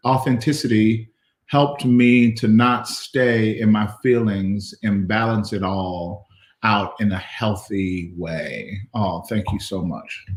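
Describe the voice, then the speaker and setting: Man, pastor hosting casual chat, teasing, playful, falsetto bursts, echoey room. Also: a little mellow. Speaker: pastor and host.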